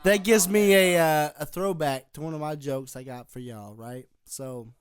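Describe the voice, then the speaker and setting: A man's voice: on the high side, moderate pace, smooth, no room sound. Man co-host telling crude jokes. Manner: drops to a quiet storytelling voice for jokes. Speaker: podcast co-host. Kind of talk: casual chat, telling jokes.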